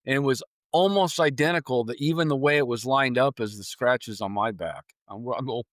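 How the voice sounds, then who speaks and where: Animated storytelling man, dry sound. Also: medium pitch, a little fast, no room sound. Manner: animated storyteller, acts out his own reactions. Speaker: paranormal investigator guest. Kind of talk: casual storytelling on a podcast.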